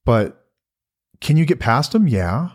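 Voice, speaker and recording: A man's voice: mid-range voice, very animated, slow. A middle-aged man co-hosting a casual podcast, reading listener questions and answering them in an earnest, reflective way. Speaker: podcast co-host.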